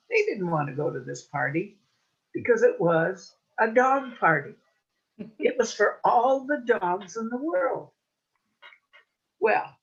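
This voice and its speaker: Animated woman telling a folk tale. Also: lowish voice, slightly rough, lo-fi sound. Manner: animated, rhythmic repetition. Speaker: storyteller. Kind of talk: oral storytelling.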